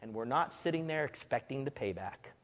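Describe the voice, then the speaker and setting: A man preaching a sermon as pastor, emphatic, dropping to a hush and rising to loud peaks. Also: mid-range voice, animated, fairly quick. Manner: emphatic, swings from hushed to loud. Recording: long hall reverb.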